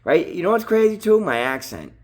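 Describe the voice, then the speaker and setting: A man's voice: sits high, sing-song, a little fast, darkish tone. A man with a strong Boston accent, talking straight to camera in a rambling, casual monologue full of "bro" and "dude". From Massachusetts. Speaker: vlogger.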